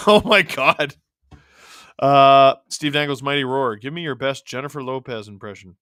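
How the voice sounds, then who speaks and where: A man hosting a live stream, casually calling a hockey game and chatting, his voice worn a little deeper from long talking. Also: steady tone, normal speed, fairly bright tone, clear, resonant tone, no room sound, clean studio sound. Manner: chatty, reacting to the game and chat as it happens. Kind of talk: casual live play-by-play and chat.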